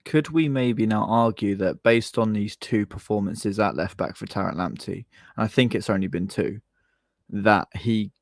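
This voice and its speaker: A man's voice: on the low side, normal speed, no room sound, studio quality. A man from England co-hosting a football podcast, giving opinions and often repeating words as he starts a sentence. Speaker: podcast co-host. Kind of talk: casual football podcast chat.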